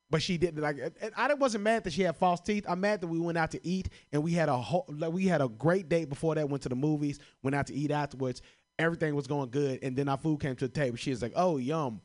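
A young man from Chicago doing stand-up comedy, swearing often and laughing at his own jokes. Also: a little high. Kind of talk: stand-up comedy answering prompts.

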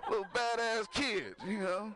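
A man's voice: high-pitched, fairly even intonation, a little slow, background noise. A man doing a stand-up comedy set, working the crowd loosely and laughing at his own jokes.

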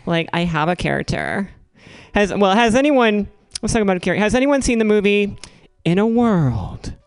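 A young woman spins a rambling, self-mocking comic story, tripping over her own fillers. Her voice is smooth and clear. It sits close and dry on the mic. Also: mid-range voice, lively intonation, moderate pace, no room sound. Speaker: improv comedy performer. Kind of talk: storytelling stand-up improv.

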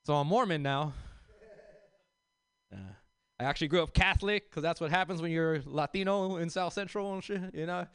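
This stand-up comic hails from South Central Los Angeles and keeps things conversational, rambling with fillers, restarts, and asides while addressing the room as "y'all." He speaks at a moderate pace with frequent pauses, in a slightly high, smooth, clear, fairly bright voice. The audio is dry and close-miked, with no echo.

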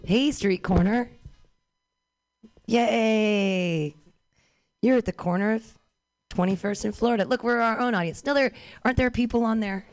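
A woman's voice: a little high, measured pace, long pauses, no room sound. Woman doing stand-up on a street corner. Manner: calls out to passers-by, self-mocking. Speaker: street comedian. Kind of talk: outdoor stand-up comedy.

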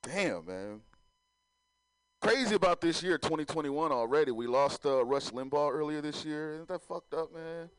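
A man's voice: fairly high pitch, lively intonation, moderate pace, clean tone, dry recording, poor audio. A man doing a stand-up comedy set, loose and swearing, talking straight to the crowd.

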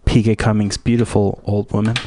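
A man's voice: lowish voice, level tone, fairly quick, dark tone, slight background noise. A man hosting a radio show, rambling through a profane comic monologue full of "uh". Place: radio studio.

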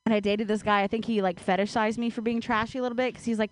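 A woman performing a self-deprecating stand-up set, deadpan, laughing between jokes. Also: a little high, rapid-fire, no echo. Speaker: stand-up comedian.

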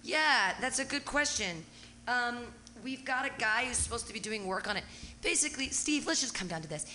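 A radio host woman venting in loose, heated talk, cursing freely. Her voice sits fairly high and cuts through bright and forceful. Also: lively intonation, moderate pace, a little hiss or hum, poor audio. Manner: profane, heated, rants and reenacts yelling. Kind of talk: casual radio chat.

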